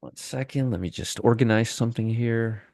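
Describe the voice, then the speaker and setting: Working his screens in a live trading room, a man talks to viewers and chat with heavy sarcasm about the market, often restarting or trailing off. His mid-range voice is darkish with vocal fry, at a moderate pace. The recording is dry and studio quality.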